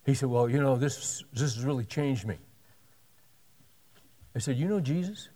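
A man's voice: medium pitch, steady tone, a little slow, mellow, big-room sound. A male pastor telling a story in a sermon, animatedly acting out the dialogue of the people in it.

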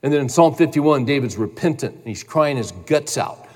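A man's voice: mid-range voice, animated, normal speed, darkish tone. A man preaching a sermon as a pastor, earnest and emphatic, building in intensity as he urges his listeners. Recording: long hall reverb.

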